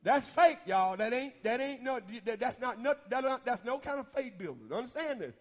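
Preacher guy, real high voice, folksy, laughs a lot mid-sermon. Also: expressive, normal speed. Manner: folksy, laughing often, asks the congregation questions.

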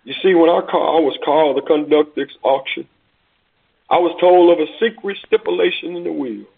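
A man's voice: on the high side, fairly quick, gravelly, husky. A man voicing a persistent male auctioneer calling for bids insistently, on a tinny phone-like recording.

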